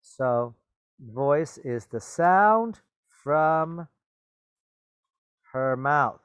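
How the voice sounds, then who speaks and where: A man reads a children's story aloud and stops to explain its words. He talks very slowly and patiently, checking in with his listeners. The recording is close and dry. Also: on the high side, animated, a bit bright, smooth, dry recording. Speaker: teacher.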